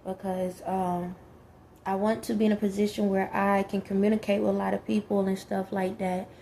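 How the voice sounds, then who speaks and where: A woman's voice: medium pitch, little pitch movement, normal speed, creaky, mellow, a little hiss or hum. A woman talking frankly and emphatically in a casual monologue, with many fillers. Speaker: vlogger.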